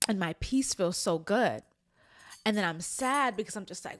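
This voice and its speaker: A woman's voice: medium pitch, lively intonation, normal speed, no echo. A woman hosting a podcast, talking candidly and reflectively to camera, with many "like" fillers. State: tearful at times. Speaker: podcast host. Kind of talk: candid personal talk to camera.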